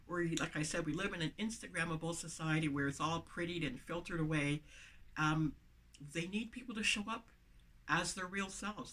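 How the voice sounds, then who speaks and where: A woman's voice: sits low, a bit bright. Woman with a lisp, emphatic motivational vlogger. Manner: emphatic, repeating phrases for emphasis. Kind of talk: motivational talk to camera. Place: inside a van.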